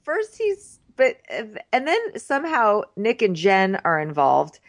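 A woman riffs sarcastically on a reality show, swearing freely and filling her talk with "like". Her voice sits at a middle pitch. The recording is dry and close. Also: huge pitch swings, slow pace, no room sound. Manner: profane, sarcastic, fills talk with "like". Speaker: podcast co-host. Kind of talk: casual comedic recap.

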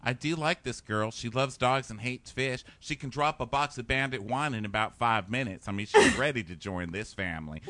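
A man's voice: medium pitch, expressive, moderate pace, hardly any pauses, pushed and bright, no room sound. A man voicing a theatrical middle-aged mother who is blunt and bossy.

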